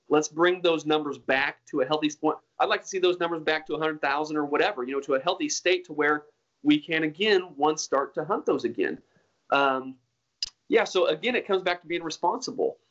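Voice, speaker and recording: A man's voice: on the high side, fairly quick, a bit bright, highs cut off. A man being interviewed about hunting, talking in an earnest, rambling way with many restarts. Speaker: hunter guest. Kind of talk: casual interview talk.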